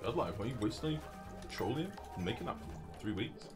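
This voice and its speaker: A man's voice: mid-range voice, sing-song, fast. A man commentating casually on a live game stream, chatty, profane and self-mocking. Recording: music playing behind.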